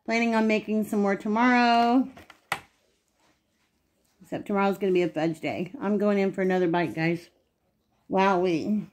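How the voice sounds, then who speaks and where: A woman hosting a casual home cooking video, chatting homely to viewers and sometimes talking with her mouth full. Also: medium pitch. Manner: chatty, homey, talks while eating. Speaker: cooking channel host. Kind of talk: casual cooking vlog talk.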